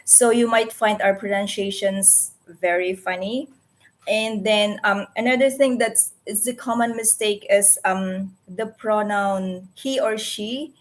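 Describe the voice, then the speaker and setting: This livestream host is a Filipino woman in her forties whose first language is Tagalog, speaking with a Filipino accent from her computer in a casual stream. Her medium-pitched voice takes things slowly with fairly even intonation. Earnest, she often halts to find words and correct herself.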